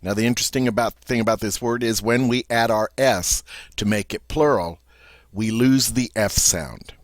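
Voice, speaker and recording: A man teaching a vocabulary lesson, saying each word three times slowly and explaining it in plain terms. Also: lowish voice, dry recording. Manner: repeats each French word three times, slow and deliberate. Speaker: French teacher. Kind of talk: vocabulary lesson with repeat-after-me drills.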